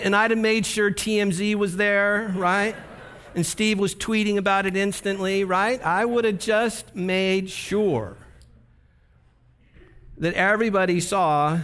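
A pastor preaches with a high-pitched voice. He keeps it conversational and folksy and drops rhetorical asides to the congregation. The tone is casual rather than stately. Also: a bit bright. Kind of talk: sermon.

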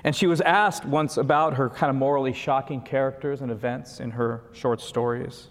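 A man's voice: mid-range voice, fairly even intonation, fairly quick, creaky, hardly any pauses. A man giving a conversational sermon, with frequent asides and chuckles. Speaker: preacher. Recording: long reverb of a large hall.

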